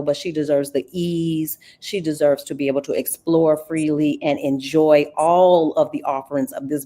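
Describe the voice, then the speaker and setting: A woman hosts a casual livestream conversation in a slightly low voice. She talks in an animated, folksy way, calling her listeners honey and girl. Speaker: host.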